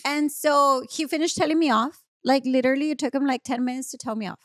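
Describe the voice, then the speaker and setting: Podcast guest: woman, high voice, dry studio sound, animated storyteller who laughs a lot. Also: fast, no room sound. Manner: animated, laughing, switching between English and Spanish. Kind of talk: casual storytelling chat.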